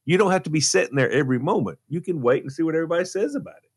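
A man's voice: fairly high pitch, lively intonation, rapid-fire, breathy edge, dry recording, clean studio sound. A man co-hosting a casual radio show, emphatic and repeating his points. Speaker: co-host.

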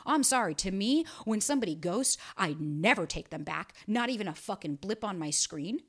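A woman in her thirties talks straight into the mic on her solo podcast, in a voice of ordinary middle pitch. She is blunt and emphatic and swears freely as she gives dating advice. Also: lively intonation, moderate pace, a bit bright, breathy edge. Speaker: podcast host and dating coach. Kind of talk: casual solo podcast talk.

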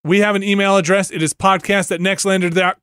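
A man hosting a podcast in animated, joking casual chat. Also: high-pitched, fast, smooth, no echo, clean studio sound. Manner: animated, joking, rambling with fillers. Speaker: podcast host.

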